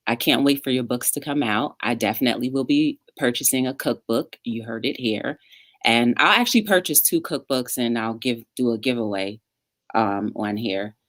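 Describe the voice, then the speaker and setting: A woman hosting a casual online interview show, speaking in an encouraging, unhurried way with plenty of "um"s. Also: rumbling low, no room sound, clean studio sound. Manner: encouraging, filler-heavy, drawn-out phrasing. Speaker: talk show host.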